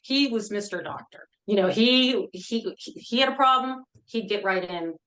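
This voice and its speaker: Halting, earnest woman telling a story. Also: medium pitch, expressive, a bit bright, rough recording. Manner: halting, repeats words and restarts; earnest, emotional. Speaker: podcast guest. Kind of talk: personal storytelling.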